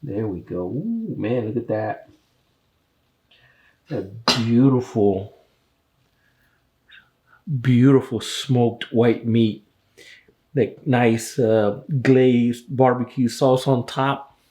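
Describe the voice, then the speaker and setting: Slow, easygoing man at the grill. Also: medium pitch. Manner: slow, relaxed and enthusiastic, addressing viewers as guys. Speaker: barbecue channel host. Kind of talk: casual cooking video talk to camera. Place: outdoors at a grill.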